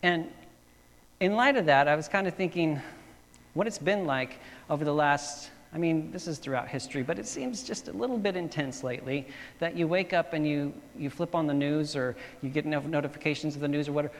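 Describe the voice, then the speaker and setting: A pastor preaches in an easygoing, storytelling way, full of fillers and little restarts. His man's voice sits a bit higher than usual. It rings with a long reverb, as in a large hall. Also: brisk. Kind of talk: sermon.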